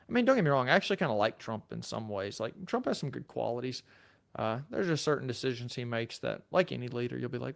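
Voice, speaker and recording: A middle-aged Southern man, a lawyer who hosts his own channel, talks at a fast clip in a medium-pitched, creaky voice. He's running a casual livestream, chatting easily through viewer comments in a relaxed, chatty, self-deprecating way.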